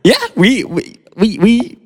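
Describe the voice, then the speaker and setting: A young man co-hosting a podcast, telling a story in casual chat, animated and laughing. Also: high voice, takes it slowly, big-room sound. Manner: animated, laughing, sound effects in stories. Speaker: podcast co-host.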